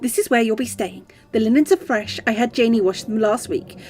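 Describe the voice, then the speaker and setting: A woman's voice: a little high, a little fast, a little mellow, soft background music, close to an everyday voice. A woman voicing a brusque, resentful young woman showing her cousin around an old house in a horror game. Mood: curt. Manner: brusque and impatient.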